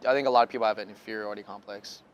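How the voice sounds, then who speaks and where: A man's voice: lowish voice, steady tone, rapid-fire, lo-fi sound, a little hiss or hum. A man speaking frankly and easily in a casual interview, using casual slang.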